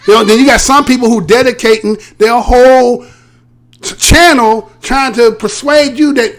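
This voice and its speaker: A man hosting a live-streamed news commentary show, loose and animated, often acting out quotes in a mocking voice. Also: very high voice, moderate pace.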